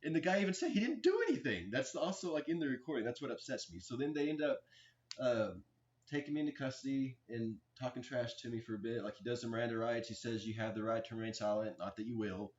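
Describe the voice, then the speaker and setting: Halting, agitated man, lo-fi recording. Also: mid-range voice, expressive. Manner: halting, with frequent restarts and fillers. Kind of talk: rambling personal account to camera. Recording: dull lo-fi recording.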